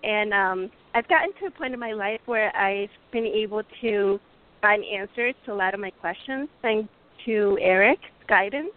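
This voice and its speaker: A woman calls in to a show and asks her question with hesitation, filling her pauses with ums. Her voice comes through a thin, phone-like line. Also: mid-range voice. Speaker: caller. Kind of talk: call-in question.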